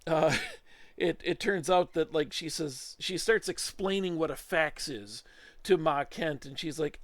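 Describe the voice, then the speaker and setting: A man's voice: fairly high pitch, sing-song, slow, a bit bright, dry recording. A middle-aged man giving a casual, meandering movie review in his home studio, chatty and full of fillers and restarts. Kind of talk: casual opinion monologue.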